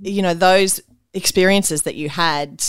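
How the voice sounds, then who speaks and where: Woman host, lower voice, dry close-miked sound, encouraging chat. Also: fairly even intonation, measured pace, smooth, no echo. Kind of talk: casual interview conversation.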